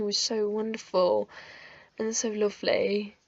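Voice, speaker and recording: A woman's voice: medium pitch, measured pace, no echo. A young woman telling a personal storytime vlog in a chatty, emotional, giggly way, in a slightly muffled recording. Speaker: vlogger.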